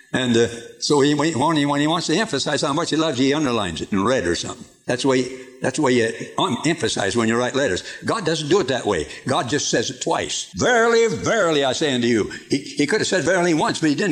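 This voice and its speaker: Lively folksy male preacher. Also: medium pitch. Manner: folksy, emphatic, repeats himself. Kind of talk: sermon.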